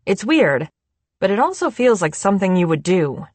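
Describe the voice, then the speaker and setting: A woman voicing a giddy, tipsy young adult chef in an audiobook, talking in a playful, animated way. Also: mid-range voice, moderate pace, dry recording.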